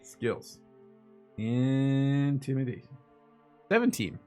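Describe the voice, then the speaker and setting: A man's voice: mid-range voice, expressive, slow, dark tone, smooth, soft background music. A young man playing a tabletop game in casual chat, joking and laughing often. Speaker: player.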